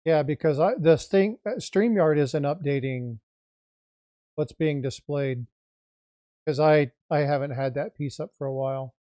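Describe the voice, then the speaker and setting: A woman's voice: deep voice, a little slow, mellow, no echo. A woman hosting a casual livestream over a video call, explaining what is on her screen. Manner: explanatory, talks through screen sharing. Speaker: livestream host.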